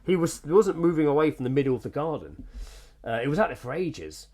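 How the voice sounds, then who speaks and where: Brisk male co-host, quick-fire casual anecdotes, swears freely. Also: on the high side, very animated, a little mellow. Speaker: podcast co-host. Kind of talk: casual chat.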